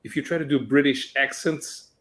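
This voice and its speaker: A man's voice: mid-range voice, normal speed, fairly bright tone. A man joining a casual chat about comics, asking questions that he stumbles into and chuckling as he talks. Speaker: guest.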